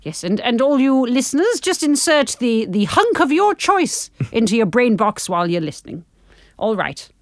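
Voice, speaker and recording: A woman's voice: on the high side, normal speed, no room sound, studio quality. A woman co-hosting a comedy podcast, reading a story aloud and bantering playfully. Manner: playful, expressive. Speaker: podcast co-host and reader.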